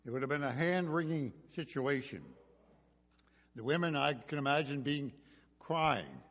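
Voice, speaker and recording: A man preaching a sermon, telling a Bible story and moving between loud bursts and hushed asides. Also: on the high side, animated, a little slow, in a large hall.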